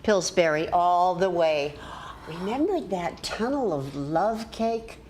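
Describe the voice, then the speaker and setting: A woman's voice: on the low side, animated, slow pace, darkish tone, slight background noise. An older woman acting a sarcastic friend with dry, teasing humor in a TV drama.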